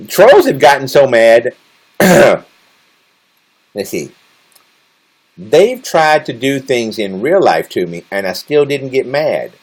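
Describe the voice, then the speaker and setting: A man's voice: on the high side, breathy edge. A man chatting casually with viewers on a livestream, teasing and joking crudely as he reads their comments. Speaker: live streamer.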